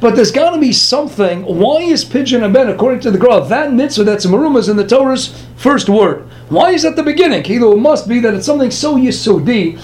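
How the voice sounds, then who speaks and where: A man teaching a Talmud lesson, firing off rhetorical questions and answering them himself. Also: very high-pitched. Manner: animated, rhetorical questions, quick asides. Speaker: Torah teacher. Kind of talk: Talmud lecture.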